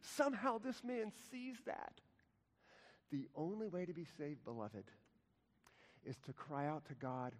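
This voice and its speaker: A man preaching a sermon as a pastor, swinging between loud emphatic lines and hushed, slow passages. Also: a little high, animated, long reverb tail.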